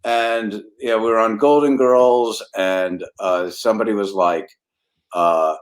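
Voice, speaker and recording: Here the older comedy writer from New Jersey speaks slowly in a lowish voice while telling stories during a casual chat. Animated throughout, he impersonates the people he quotes and laughs often.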